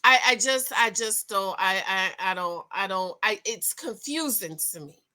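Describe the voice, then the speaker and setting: A woman giving sassy, animated commentary on a reality show, with features and lots of restarts. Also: medium pitch, normal speed. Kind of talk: casual opinion review.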